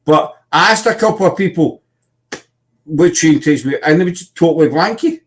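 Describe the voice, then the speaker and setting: A man's voice: a little high, animated, moderate pace. A man with a Scottish accent, hosting a casual chat and telling rambling anecdotes.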